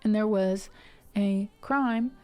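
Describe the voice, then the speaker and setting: A woman's voice: medium pitch, slow pace, a little mellow, no room sound. A woman from the Ohio River Valley hosting a music livestream, chatting casually and rambling with restarts and fillers. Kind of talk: casual chat with stream viewers.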